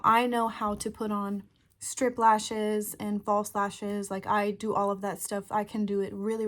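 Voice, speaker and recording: A woman chatting casually to camera as a beauty vlogger, relaxed with frequent ums, filming indoors by a window. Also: medium pitch. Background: fan running.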